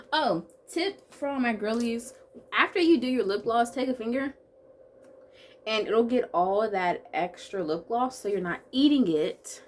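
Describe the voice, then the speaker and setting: A woman in her twenties vlogging in a chatty, bubbly way, full of quick asides and playful self-talk. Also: a little high, slight background noise. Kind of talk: casual chat to camera.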